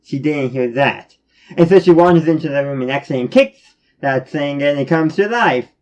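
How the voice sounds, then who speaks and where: A man's voice: a little high, lively intonation, normal speed, a little mellow, dull audio. A man giving a casual spoken review, rambling along with many restarts and fillers. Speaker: reviewer of animated episodes.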